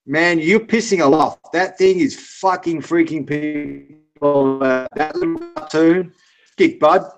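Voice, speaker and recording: A man's voice: fairly high pitch, unhurried, faint music behind. Laid-back Australian man saying mate. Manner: laid-back, encouraging, says mate a lot. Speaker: hangout participant. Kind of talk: casual chat. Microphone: video call.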